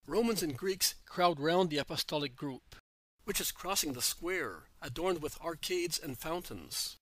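A man narrating a religious story in a steady, measured reading voice. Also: a little high, no room sound, low-quality recording.

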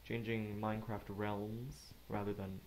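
A man giving casual let's play commentary, rambling and talking to himself with quick asides. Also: lowish voice, little pitch movement, a little hiss or hum. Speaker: gamer narrating gameplay.

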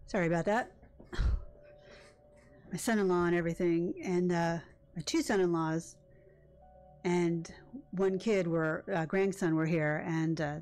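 A woman's voice: lowish voice, a little mellow. An older woman hosting a gaming video, chatting casually and reacting emotionally as she plays. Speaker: gaming channel host. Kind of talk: casual let's-play commentary.

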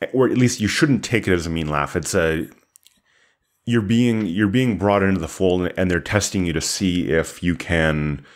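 A man co-hosting a podcast, chatting in an earnest, agreeable way. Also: low-pitched. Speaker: podcast co-host. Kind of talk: casual discussion.

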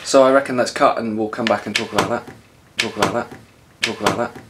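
Guy chatting on a vlog, lowish voice, lots of ums and restarts. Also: fairly even intonation, quick pace, heavy background noise. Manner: hesitant, many fillers and restarts. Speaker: vlog co-host. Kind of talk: casual chat.

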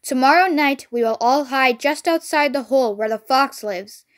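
A woman's voice: high-pitched, moderate pace, close to an everyday voice. Lady doing a crafty skinny farmer guy, smug and sneaky. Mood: scheming. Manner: sly and condescending. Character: crafty, scrawny, scheming male farmer.

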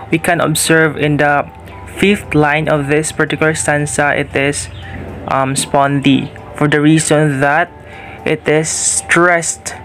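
A young man giving a student class presentation, explaining poetic meter in a slow, careful, read-out way. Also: a little high, a bit bright.

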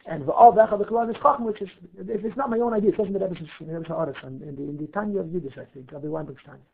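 A rabbi teaching a class, lively, weaving Hebrew terms into his English and asking himself questions to answer them. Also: high-pitched, racing, vocal fry, a little hiss or hum. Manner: animated, asks and answers his own questions. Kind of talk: Torah class lecture. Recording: narrow phone-like audio.

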